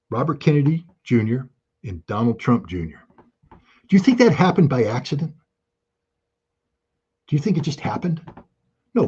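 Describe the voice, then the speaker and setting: On a video call to a talk show, a US commentator in his sixties makes impassioned political arguments, hammering points urgently and repeating key phrases. His voice is medium-pitched, darkish and slightly rough, with the highs cut off.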